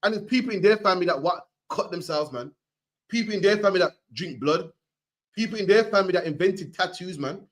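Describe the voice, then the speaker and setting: A man's voice: high voice, quick pace. A man giving an emphatic preaching lecture, ending his lines with "man". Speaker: street preacher.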